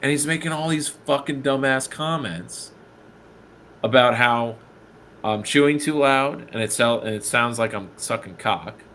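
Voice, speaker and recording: A man casually telling a story on a podcast, animated and swearing, acting out the people he quotes. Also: mid-range voice, a little slow. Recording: faint background noise.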